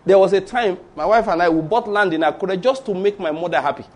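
A middle-aged Nigerian pastor with a Yoruba accent, preaching in an animated storytelling way and acting out conversations. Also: male voice, sits high, fast talker. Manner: animated storytelling, acts out dialogue, rhetorical questions. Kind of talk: sermon.

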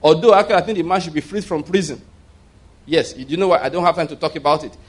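A man's voice: on the high side, fast talker, breathy edge. Preacher man. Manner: asks the congregation if they hear him, leads call-and-response with laughs. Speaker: pastor. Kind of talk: sermon.

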